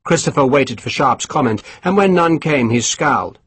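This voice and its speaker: A man narrating a historical adventure audiobook, moving his pitch around freely. His voice has a light huskiness. The recording is close and dry. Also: lively intonation, normal speed, a bit bright, breathy edge, no room sound. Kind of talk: scripted narration.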